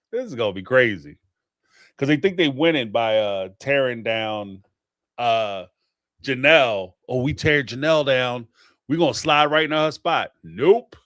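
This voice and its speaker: Guy reacting to voicemails, slangy and animated, laughs a lot, dry close mic. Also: on the high side, no echo. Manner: animated, laughing, slangy, talks back to the people he discusses. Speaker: host reacting to listener voicemails. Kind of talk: casual reaction commentary.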